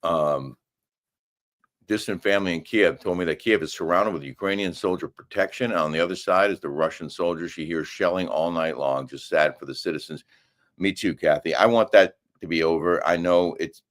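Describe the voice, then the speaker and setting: Middle-aged male co-host, very low voice, casual live-chat delivery with emphatic argumentative bursts. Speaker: co-host of a live daily show. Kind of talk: casual live-stream chat, reading comments. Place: hotel room.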